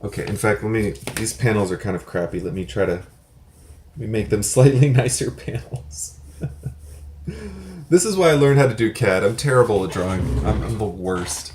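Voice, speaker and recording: A man's voice: lowish voice, expressive, normal speed, darkish tone, echoey room, slight background noise. A man hosting a casual video reply, explaining things in a rambling, self-correcting way with offhand swearing. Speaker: prepper channel host. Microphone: desk mic with some feedback.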